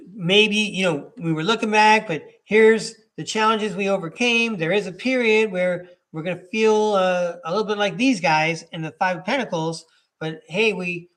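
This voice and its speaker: High-voiced man hosting a tarot stream. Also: a bit bright. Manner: easygoing, chatty, reads card keywords aloud slowly. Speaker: tarot reader and livestream host. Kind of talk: live-streamed tarot reading.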